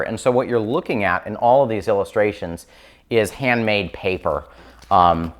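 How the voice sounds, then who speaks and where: A man casually reviewing children's picture books on camera, chatty and enthusiastic, with plenty of ums and likes. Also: on the low side. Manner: chatty, filler-heavy, enthusiastic. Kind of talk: casual book review chat.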